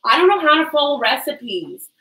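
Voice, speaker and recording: A woman with a high, sing-song voice talks casually at a moderate pace while cooking in her home kitchen for a livestream, her tone bright and forceful. She comes across nervous and self-deprecating, letting out sudden yelps, and the recording quality is low.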